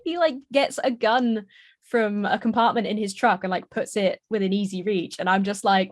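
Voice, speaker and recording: A woman's voice: medium pitch, normal speed, no echo. A woman co-hosting a casual book review chat, retelling scenes with frequent laughter. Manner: laughs often, animated retelling.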